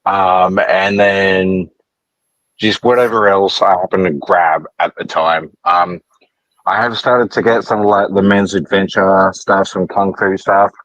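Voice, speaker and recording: Low-voiced easygoing man guest. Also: steady tone, unhurried, fairly bright tone, no room sound, dull audio. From Australia. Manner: easygoing, many fillers. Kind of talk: casual chat.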